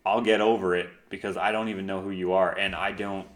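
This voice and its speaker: A man with a fairly low voice co-hosts a podcast, talking through his thoughts in long, easygoing run-on sentences. The recording carries a roomy echo. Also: level tone, quick pace. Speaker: co-host. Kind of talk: casual chat.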